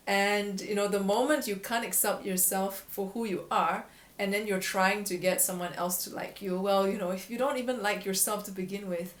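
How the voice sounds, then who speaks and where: A woman's voice: mid-range voice, fairly even intonation, moderate pace. A woman voice coach talking candidly to camera in a vlog, reflective and often laughing at herself. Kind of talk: casual vlog talk to camera. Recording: echoey room.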